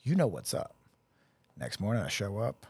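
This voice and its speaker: A man's voice: lowish voice, moderate pace, husky, no echo. A man co-hosting a casual podcast, telling profane army stories and acting out the people in them. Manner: profane, animated storyteller acting out quotes. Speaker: podcast co-host. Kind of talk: casual storytelling chat.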